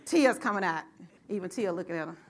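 A middle-aged woman preaching a sermon and telling a personal story, in a lively call-and-response style that rises to shouts. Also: fairly low pitch, brisk, noisy background.

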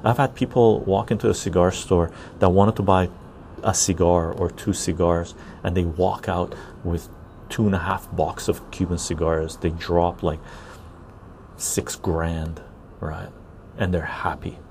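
Deep gravelly-voiced man, easygoing chat. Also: fairly even intonation, measured pace, darkish tone, a little hiss or hum. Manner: easygoing, chatty, tags sentences with "right?". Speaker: podcast host. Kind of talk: casual chat while reading live chat. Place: outdoor patio garden.

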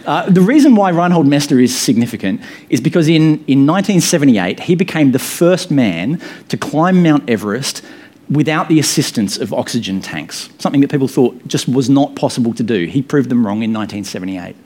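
A man's voice: mid-range voice, lively intonation, brisk, a little mellow. A man in his thirties, a pastor, giving a sermon in a casual, good-humoured way with many fillers. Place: church hall with echo.

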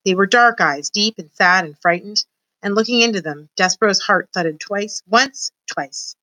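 A woman teacher reads a children's chapter book aloud to her students, lively and encouraging between chapters. Her voice is bright and crisp, recorded close and dry with no room sound. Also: medium pitch, normal speed, no echo, rough recording. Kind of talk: reading a children's novel aloud.

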